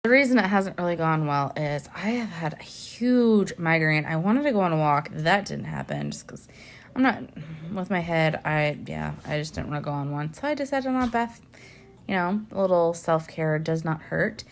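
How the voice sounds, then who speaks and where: A woman's voice: low-pitched, sing-song, normal speed. A woman vlogger chatting casually to her viewers, rambling with lots of fillers and laughs. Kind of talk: casual chat.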